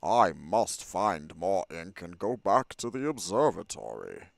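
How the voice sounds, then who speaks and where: A fussy, nasal old scholar from a game , put on by a man reading the lines. The voice pinches through the nose with formal, precise phrasing. The sound sits dry and close, with a gravelly catch. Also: deep voice, big pitch swings, measured pace, no echo, full character voice. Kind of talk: reading game dialogue aloud.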